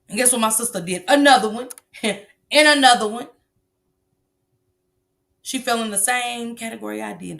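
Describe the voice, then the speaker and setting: A woman's voice: on the high side, creaky, a bit bright. A middle-aged woman hosting a livestream, lecturing bluntly and profanely about parenting in a casual, preachy way. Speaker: livestream host.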